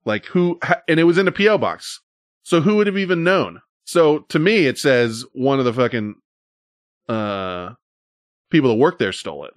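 A man's voice: mid-range voice, lively intonation, moderate pace, no room sound. Rambling, exasperated man, dry sound. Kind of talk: casual chat.

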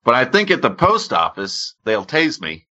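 A man in casual conversation, telling a funny story in a wry, deadpan way and swearing freely. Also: medium pitch, normal speed, highs cut off. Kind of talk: casual chat, comic storytelling.

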